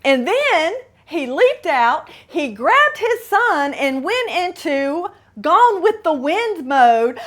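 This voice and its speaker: Female host, middle-aged, high unhurried voice, confessional storytelling with asides. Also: sing-song, fairly bright tone. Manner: candid, dramatic retelling with asides. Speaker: podcast host. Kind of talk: personal storytelling monologue.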